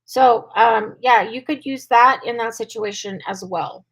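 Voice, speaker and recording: Chatty higher-voiced woman dog trainer. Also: measured pace, a bit bright, slightly rough, poor audio. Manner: chatty, with frequent "um" and "like". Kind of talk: casual live Q&A, answering viewer questions.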